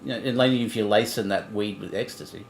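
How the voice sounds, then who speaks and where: A middle-aged man co-hosting a livestream in blunt, animated casual chat, swearing freely. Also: fairly low pitch, fast, creaky, roomy sound, a little hiss or hum. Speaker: livestream co-host.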